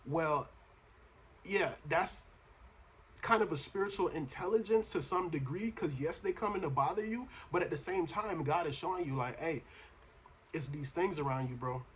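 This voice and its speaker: Brief: male host reacting to clips, preachy and casual, slightly raised pitch, light background hiss. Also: normal speed. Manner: preachy, slangy, addresses listener as bro. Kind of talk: casual commentary.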